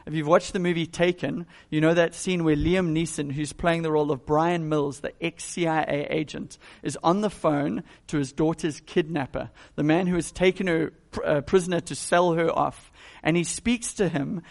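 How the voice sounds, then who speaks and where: A man's voice: on the high side, fairly even intonation, moderate pace, vocal fry. A male pastor giving a conversational, emphatic sermon.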